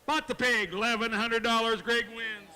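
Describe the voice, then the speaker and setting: A man working as a livestock auctioneer at a county fair, chanting bids in a fast rhythm and joking folksily with bidders. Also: very high-pitched, level tone, bright, forceful tone, clean tone, long reverb tail. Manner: folksy, jokes with bidders and kids. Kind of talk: rapid auction chant and announcements. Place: county fair show arena.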